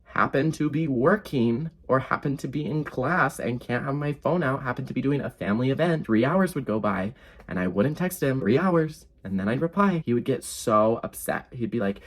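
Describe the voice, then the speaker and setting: Young man, casual storytime vlog, animated, exasperated, sarcastic. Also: mid-range voice, normal speed. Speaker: vlogger.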